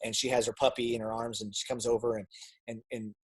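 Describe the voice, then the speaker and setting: A man giving a personal testimony as a guest speaker, telling a story with lively acted-out dialogue and frequent repeated words. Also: medium pitch, fast, breathy edge. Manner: animated storytelling, acts out dialogue; repeats words when restarting.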